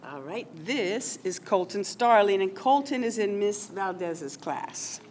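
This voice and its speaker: A woman's voice: mid-range voice, lively intonation, unhurried, heavy background noise. A woman running a school award ceremony, chatty and informal, reading teacher nominations aloud. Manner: chatty, informal asides with fillers. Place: school hall or classroom.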